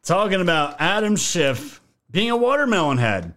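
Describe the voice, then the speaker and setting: A man's voice: high voice, very animated, moderate pace, over loud music. A man hosting a podcast, giving casual political commentary in a joking, profane way. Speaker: podcast host.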